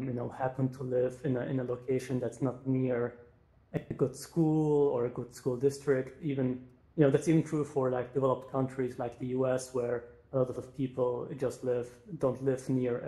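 A man's voice: medium pitch, dark tone. A man giving a conference talk as a startup co-founder, hesitant, with many fillers and restarts. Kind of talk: conference talk in a virtual space. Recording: roomy echo.

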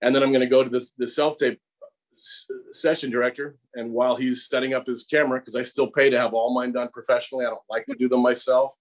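A man's voice: medium pitch, flat delivery, fast, rough recording. Middle-aged American actor explaining his craft. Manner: explains at length, with frequent restarts and repeated words. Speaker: actor and acting teacher, guest. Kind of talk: conversational interview. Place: acting studio.

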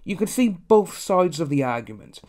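A man's voice: a little high, very animated, normal speed, a little mellow. A young man hosting a casual opinion commentary, talking bluntly and ranting, often mimicking others. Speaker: commentary channel host.

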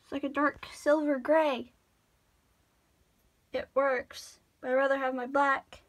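A woman's voice: sits high, steady tone, a little slow. A tired young woman rambling in a cartoony voice while she draws, stammering and joking about herself. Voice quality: cartoony put-on voice. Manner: rambling, self-deprecating, stammering restarts. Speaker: drawing tutorial vlogger. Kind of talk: casual drawing commentary.

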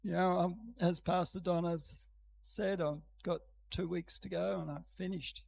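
An older man preaching a sermon in a church, speaking gently at first and building to an emphatic scripture reading. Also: high voice, fairly even intonation, unhurried, vocal fry, slight background noise, poor audio.

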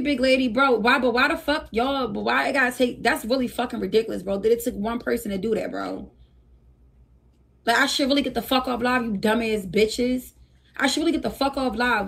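A woman's voice: high-pitched, a bit bright. A young woman hosting a livestream, swearing and scolding her viewers while begging them for gifts. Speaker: livestream host. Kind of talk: casual livestream talk.

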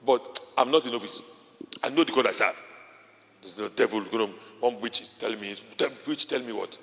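A man preaching a sermon as pastor, telling stories with sudden shouts and laughter. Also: mid-range voice, big pitch swings, brisk. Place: large church hall. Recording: long hall reverb.

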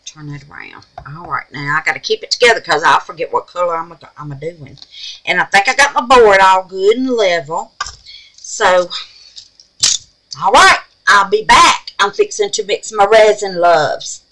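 A woman with a Southern US accent hosts a resin craft tutorial from home, folksy and chatty, calling viewers babies and honey as she works. Her medium-pitched voice has lively intonation, a moderate pace, and a sharp tone, in a low-quality recording.

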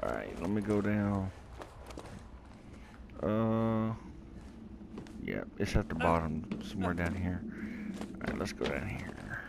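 Gravelly man rambling over gameplay. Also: sits low, big pitch swings, takes it slowly, pauses often, very noisy. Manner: rambling, self-talking, easily confused. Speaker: gameplay video creator. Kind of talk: casual let's play commentary.

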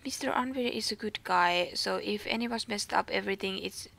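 A short-fused female stable keeper from a horse game who is quick to blame others, read aloud by a woman with a Finnish accent. The lines come out in a mid-range pitch, full of stumbles and restarts. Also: vocal fry, a bit bright. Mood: angry. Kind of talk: reading game dialogue aloud.

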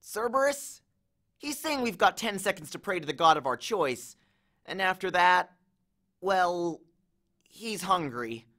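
A man's voice: high voice, expressive, a little slow, long pauses, bright, forceful tone, heavily acted. A man reading as a nervous young satyr boy. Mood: dread.

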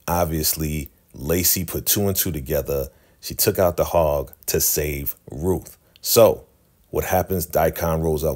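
A man casually recapping a TV episode, animated and jumping into quoted voices as he retells scenes. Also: a bass voice, a little slow. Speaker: video host recapping a TV episode.

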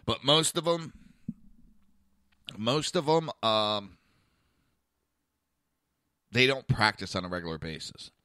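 A man's voice: mid-range voice, takes it slowly, long pauses, no echo, studio quality. A man hosting a talk show, telling a blunt story in a casual monologue and acting out the other people's voices. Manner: blunt, animated, acts out quoted voices.

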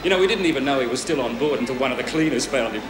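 An actor playing a dry, polite airport official in a sitcom. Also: male voice, medium pitch, lively intonation, racing, lightly acted. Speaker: airport staff. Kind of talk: 1970s sitcom acting. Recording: roomy soundtrack with loud music.

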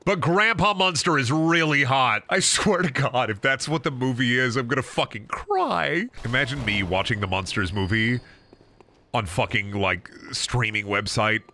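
A male game streamer talking casually and crudely, joking and getting excitable as he plays. His voice is gravelly and bright, with lively swings in pitch. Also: moderate pace, slight background noise. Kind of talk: casual gaming commentary.

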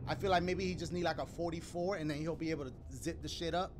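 A man giving casual let's-play commentary over a game, slangy and animated, with sudden loud exclamations. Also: fairly high pitch, fast, background noise. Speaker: gaming commentator. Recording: game music playing underneath.

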